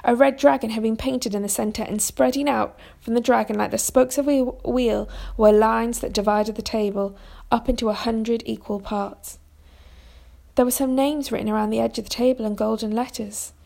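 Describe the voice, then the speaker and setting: A woman reads a children's storybook aloud in a steady, even voice. Her voice sits a little high and carries a gravelly fry. Now and then she stumbles and restarts a word. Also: normal speed. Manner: steady reading with small restarts. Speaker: narrator. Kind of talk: storybook reading.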